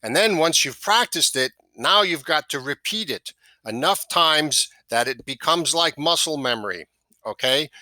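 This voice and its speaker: A man's voice: on the high side, lively intonation, a little slow, bright, forceful tone, dry recording. A man teaching a sales course, coaching step by step and checking in with "right?" and "okay?" as he goes. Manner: coaching, repeats key phrases, asks "right?" and "okay?". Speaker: sales trainer. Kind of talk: instructional talk to camera.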